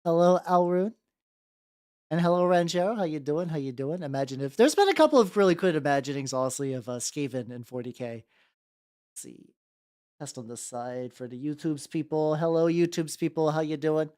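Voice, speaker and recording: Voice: medium pitch, lively intonation, normal speed, darkish tone, clean tone. A VTuber streamer chatting casually while painting miniatures, rambling and greeting viewers by name with casual swearing. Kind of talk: casual livestream chat.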